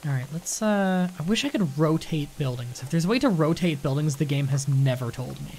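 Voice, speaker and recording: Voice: medium pitch, lively intonation, fairly quick, a little mellow, a little hiss or hum. A streamer chatting casually while playing a game, thanking viewers and swearing freely. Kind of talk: casual live-stream chat.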